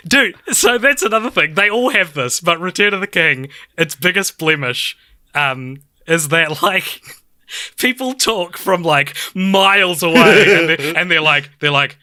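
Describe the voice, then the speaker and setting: A man co-hosting a podcast in casual film chat, excitable and laughing, with lots of "like" fillers. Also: a little high, a little slow, no echo, clean studio sound. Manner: excitable, laughing, heavy use of "like". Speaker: podcast co-host.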